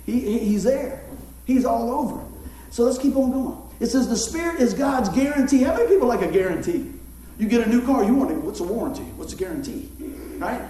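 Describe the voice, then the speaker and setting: A man's voice: extremely high pitch, expressive, fairly quick, dark tone, slight background noise. A middle-aged man, preaching a folksy, joking sermon to his congregation. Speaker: pastor. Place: church sanctuary. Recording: echoey church room, mic far off.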